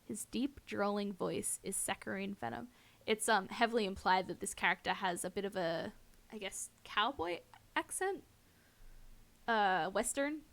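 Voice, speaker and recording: Woman streamer, casual let's-play chatter, mid-pitched. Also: unhurried, gravelly, fairly bright tone. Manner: chatty, self-deprecating asides. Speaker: game streamer.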